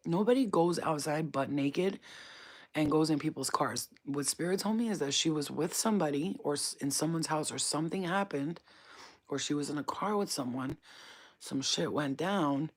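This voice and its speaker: A woman's voice: sits low, normal speed. Woman telling a story, profane and emphatic. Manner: profane, emphatic, repeats phrases. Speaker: livestream psychic reader. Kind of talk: casual storytelling to a live chat.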